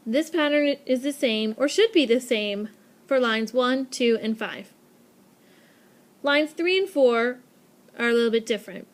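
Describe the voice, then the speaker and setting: A young adult woman narrates a classroom lesson recorded on a tablet. Her voice sits a little high for a woman. She explains in an upbeat, clear teacherly way and leans on repetition to drive key points home. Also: lively intonation, a little slow, long pauses. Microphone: tablet microphone.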